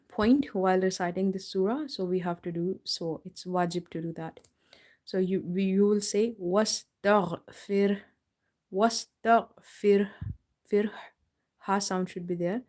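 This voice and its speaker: Woman, recitation teacher on a live class; mellow, warm tone, patient explainer who stretches words slowly to demonstrate. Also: mid-range voice. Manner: explains patiently, then slowly drawls out words to model pronunciation. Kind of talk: live online tajweed lesson. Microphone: live stream mic.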